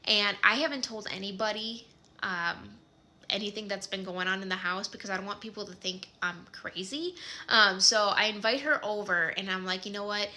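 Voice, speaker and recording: Midwestern woman, 30s, casual chatty storyteller, sharp bright voice, loose with fillers. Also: medium pitch, moderate pace. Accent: Midwestern American.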